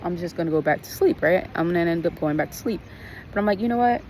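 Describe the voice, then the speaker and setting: A woman's voice: lowish voice, animated, quick pace, a little mellow, slight background noise, low-quality recording. A woman telling a story on her vlog in a casual, blunt, profane way, venting about her trip. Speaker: vlogger.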